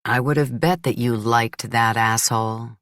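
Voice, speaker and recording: A woman voicing a teasing, ironic young man in an audiobook, pitched well below her own already low voice. He sounds a little different from the narrator, dry and close, with a sneer under every line. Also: fairly even intonation, a little slow, no echo. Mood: scornful. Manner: teasing, sarcastic. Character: mocking, ironic young man, quick-witted. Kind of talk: audiobook character voice.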